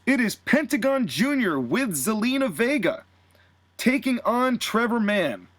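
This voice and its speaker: A man co-hosting a podcast, recounting a booked wrestling show in casual, animated storytelling and dropping into quick voices for the people he quotes. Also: very high voice. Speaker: podcast co-host.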